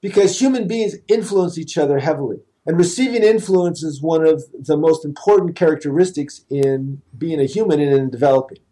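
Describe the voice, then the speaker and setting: A man's voice: a little high, brisk, hardly any pauses, warm tone. A man, a therapist guest on a podcast interview, giving earnest, emphatic advice in conversation.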